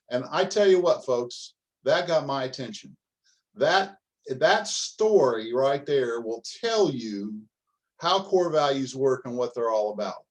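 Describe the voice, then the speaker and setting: A man's voice: medium pitch, animated, unhurried, low-quality recording. An older man, a business coach, telling a story in a folksy, humorous way during a motivational talk.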